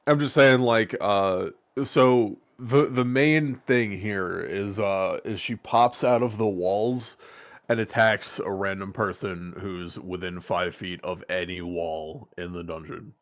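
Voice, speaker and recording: A man's voice: on the low side, steady tone, takes it slowly, dry recording. A man chatting casually as a player in an online tabletop game, hesitant and full of fillers. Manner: hesitant, many fillers and restarts.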